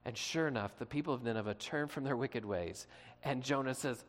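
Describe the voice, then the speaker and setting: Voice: medium pitch, a little fast. Conversational preacher in a reverberant hall. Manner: conversational preaching, asks the listeners questions. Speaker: pastor. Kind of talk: sermon.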